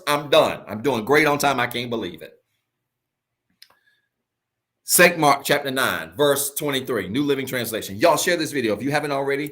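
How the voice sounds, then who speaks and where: Male pastor, mid-pitched voice, online sermon, relaxed vernacular, slow emphatic repetition with soft drops. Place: online church service.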